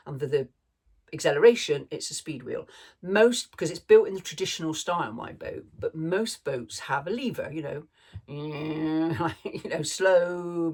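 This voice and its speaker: A woman's voice: deep voice, a little mellow, breathy edge. A woman vlogger telling a rambling story in a chatty way, laughing now and then. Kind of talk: casual storytelling chat.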